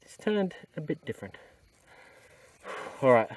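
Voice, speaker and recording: An Australian adventure motorcycle vlogger, sounding exhausted, chats casually to an action camera while riding his motorbike along an outdoor dirt trail. His voice is a little high, very animated and a little slow.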